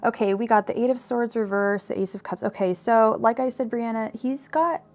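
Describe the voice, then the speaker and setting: A woman's voice: a little high, moderate pace, darkish tone. A woman reading tarot cards on a live stream, chatty and digressive, full of fillers and restarts. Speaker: tarot reader.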